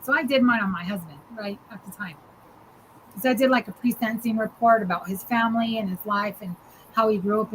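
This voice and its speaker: A woman's voice: on the high side, a little hiss or hum, rough recording. A woman co-hosting a podcast, telling a story in casual chat, full of "like" and "dude" and laughing as she goes. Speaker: podcast co-host.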